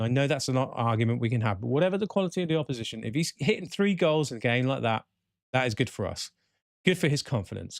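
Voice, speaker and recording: A man's voice: mid-range voice, no echo, studio quality. A man hosting a casual football chat show, ranting with exasperation and the odd swear word. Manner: animated, swearing, exasperated rants. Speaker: podcast host.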